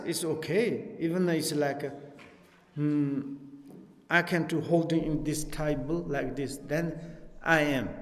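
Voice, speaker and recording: High-voiced man teaching in an echoing hall. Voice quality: non-native broken English. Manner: lively, laughing, acts out dialogues. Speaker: Buddhist teacher. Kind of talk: dharma teaching at a retreat. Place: retreat hall. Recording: echoey hall, long reverb.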